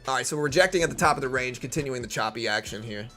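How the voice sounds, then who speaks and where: A man's voice: mid-range voice, very fast, pushed and bright, faint music behind. A young man from Louisiana with a Southern accent, chatting casually and giving live market commentary. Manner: laid-back, chatty, uses lots of fillers. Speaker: live stream trader.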